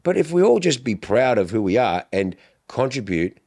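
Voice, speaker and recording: A man's voice: medium pitch, sing-song, moderate pace, mellow, no echo, clean studio sound. A middle-aged Australian man with an Australian accent, talking heatedly and swearing heavily in a casual podcast chat.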